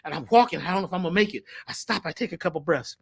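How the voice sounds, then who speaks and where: A man's voice: sits high, very fast, vocal fry, breathy edge. A man telling stories animatedly as an interview guest, acting out the voices in his stories and dropping slang as he goes. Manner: acts out quoted voices with slang. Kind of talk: animated storytelling.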